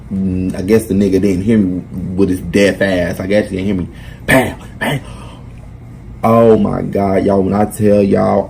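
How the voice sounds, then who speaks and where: A young man, telling a blunt, profane, animated storytime to his vlog viewers. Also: deep voice, gravelly, a little hiss or hum, poor audio. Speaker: vlogger. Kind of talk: casual storytime monologue.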